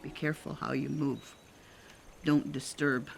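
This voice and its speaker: An older woman from Canada, an elder telling a personal story in a gentle, reflective way, pausing often and laughing softly. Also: low voice, fairly even intonation, creaky, soft background music. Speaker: elder sharing traditional teachings.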